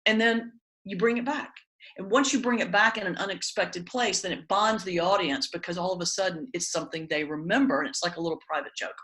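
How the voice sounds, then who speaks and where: A woman, a pastor and stand-up comedian, teaching in a conversational webinar talk with animated storytelling and comic timing. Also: mid-range voice, brisk, poor audio. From Southern United States.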